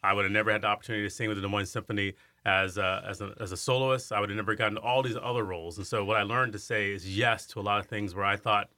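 Bright-voiced man telling stories, lively. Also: lowish voice, rapid-fire, hardly any pauses, no echo, clean studio sound. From Iowa, USA. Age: 50s. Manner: animated storyteller who acts out quoted voices. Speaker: guest, singer and arts center director. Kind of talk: storytelling in an interview.

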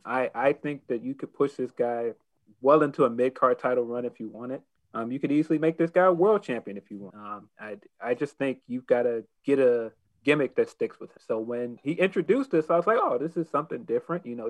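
Man talking wrestling, hesitant and animated. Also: medium pitch, brisk, low-quality recording. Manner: hesitant, many restarts and fillers, animated when opinionated. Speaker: podcast co-host. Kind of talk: casual wrestling discussion.

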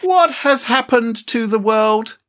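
A man's voice: very high-pitched, lively intonation, slow, a bit bright. A man co-hosting a casual chat, jokey and exclamatory. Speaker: podcast co-host.

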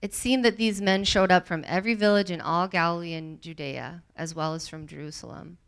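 A woman reading scripture aloud to a group, with an expressive delivery that grows livelier in the quoted speech. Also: on the low side, fairly quick, vocal fry, clean tone. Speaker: Bible study leader.

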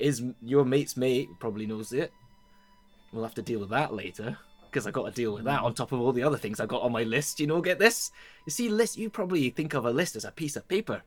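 A man voicing an imperious, irritated female ruler in a tabletop game, talking in a sarcastic, scolding way. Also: fairly high pitch.

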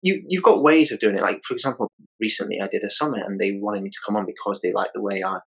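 A British man with a low, husky voice hosts a relaxed interview. He talks in a loose, rambling way and scatters "you know" through his sentences. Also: quick pace, poor audio. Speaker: podcast host. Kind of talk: casual interview chat.

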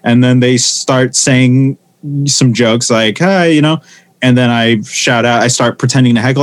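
A man, a stand-up comedian, talking casually and telling animated stories, acting out the voices of the people he quotes. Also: medium pitch, normal speed. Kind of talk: casual conversation.

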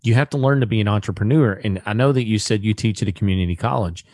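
A man hosting a relaxed interview, chatting casually and acting out stories with quoted voices. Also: fairly low pitch, quick pace, dry recording, clean studio sound. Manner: animated storyteller, acts out quoted voices. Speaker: podcast host.

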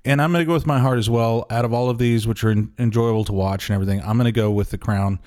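A man's voice: medium pitch, fairly even intonation, fast, darkish tone. A man co-hosting a podcast in casual chat, rambling and hesitant with many restarts, laughing easily. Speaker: podcast co-host.

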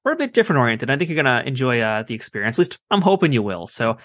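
Fast-talking podcast host, a man. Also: mid-range voice, sing-song, fairly bright tone, no room sound, studio quality. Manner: rambling, friendly, full of fillers. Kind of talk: podcast interview.

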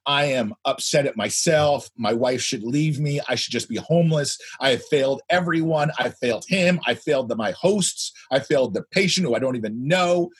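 A man in his fifties, a guest telling a story in a loud, animated way. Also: medium pitch, moderate pace, few pauses, slightly rough. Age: 50s. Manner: animated, speaks loudly. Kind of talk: anecdotal storytelling.

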